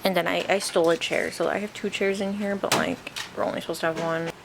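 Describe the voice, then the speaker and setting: A woman's voice: fairly low pitch, fairly even intonation, quick pace, heavy background noise. A young woman vlogging in casual chat from a hospital room while recovering from oral surgery, chatty and laughing often.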